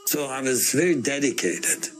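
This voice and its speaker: A man from Iran, giving an earnest, emotional personal testimony in an interview. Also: mid-range voice. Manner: earnest, measured storytelling.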